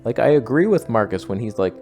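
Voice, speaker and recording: A man's voice: fast talker, soft background music. A man casually rambling about his camera gear in a self-mocking vlog. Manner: rambling, self-mocking, animated with sudden pitch jumps. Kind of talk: casual talking-head vlog.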